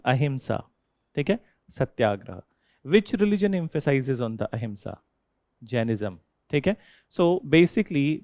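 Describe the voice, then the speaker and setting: A man with an Indian accent leads a history lecture in an ordinary mid-range voice. He quizzes his students and repeats key phrases, checking in with a steady "okay?". The sound is dry and close, with no room echo. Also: mid-range voice. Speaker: history teacher.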